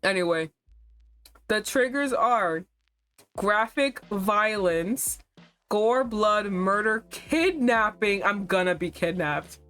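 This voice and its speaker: A woman streaming a dating game, reading its text aloud and reacting with animated, laughing remarks. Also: medium pitch, slow pace, soft background music.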